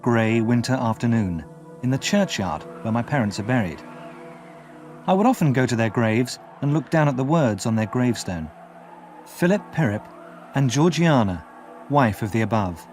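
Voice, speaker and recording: A man giving scripted storybook narration for English learners, clear and measured. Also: medium pitch, a little mellow. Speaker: audiobook narrator.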